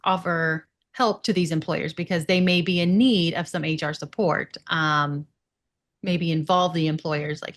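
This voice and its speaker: A woman co-hosts an HR podcast and offers practical, measured advice. Her voice sits a little low for a woman. She speaks in a relaxed, conversational way. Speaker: HR podcast co-host. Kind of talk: casual chat.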